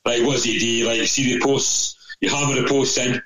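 A man's voice: medium pitch, fairly even intonation, moderate pace, fairly bright tone, low-quality recording. A man telling a rambling anecdote over casual chat, swearing constantly. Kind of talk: casual storytelling.

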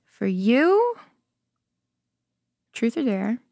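A young woman co-hosting a casual podcast, playful and quick to laugh and tease. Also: a little high, big pitch swings, vocal fry, warm tone, no echo, clean studio sound. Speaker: podcast co-host. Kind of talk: casual chat.

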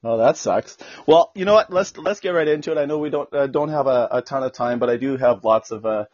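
Man, podcast host, chatty and loose, mid-pitched voice, dull lo-fi sound. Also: fairly quick, a little mellow. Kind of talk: casual podcast intro and interview.

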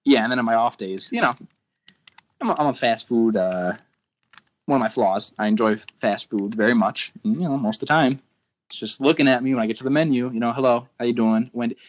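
A man's voice: medium pitch, brisk. A young man co-hosting a podcast, rambling through casual rants with frequent restarts. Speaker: podcast co-host. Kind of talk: casual chat.

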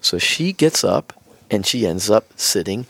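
As a guest on a podcast, a man who works as a business executive tells a personal story in relaxed chat and animatedly voices the dialogue of the people in it. His fairly low voice is creaky and a little slow. There is no room sound.

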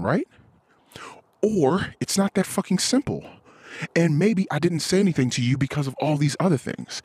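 A man's voice: medium pitch, a little mellow, husky, no room sound. A man hosting a podcast, venting in a blunt, profane, frustrated casual monologue. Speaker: podcast host.

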